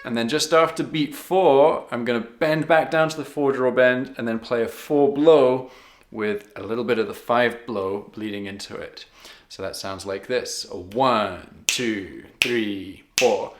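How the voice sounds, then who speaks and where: A man of middling pitch teaches harmonica licks patiently, one step at a time. He counts the beats aloud as he walks through each lick. His voice carries a roomy echo. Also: steady tone, normal speed, heavy background noise. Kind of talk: step-by-step music lesson.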